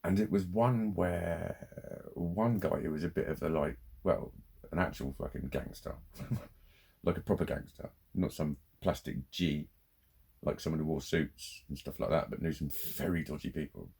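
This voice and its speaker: Low husky sweary man. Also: moderate pace, a little mellow. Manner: sweary, rambling, gets heated. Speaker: vlogger. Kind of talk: casual rant to camera.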